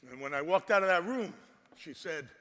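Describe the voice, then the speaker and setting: A man giving an impassioned conference speech, exhorting the crowd and swinging between loud and soft. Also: high voice, expressive, moderate pace. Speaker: conference speaker. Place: large conference hall. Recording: long hall reverb.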